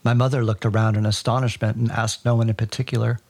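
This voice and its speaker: Gravelly, husky male storyteller. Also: mid-range voice, fast. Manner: wry, deadpan storytelling. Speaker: podcast storyteller. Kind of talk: personal story narration.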